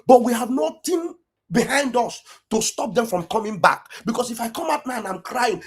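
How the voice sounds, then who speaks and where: A woman's voice: on the high side, animated, quick pace, slightly rough. A woman with an Igbo Nigerian accent delivering an impassioned, accusatory political rant, raising her voice at times. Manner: fiery, accusatory, raises voice at times. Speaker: online political commentator.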